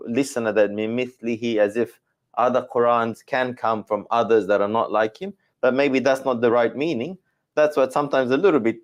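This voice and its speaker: A man teaching the Quran in a scholarly discussion, thinking aloud, hedging and correcting himself as he goes. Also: medium pitch.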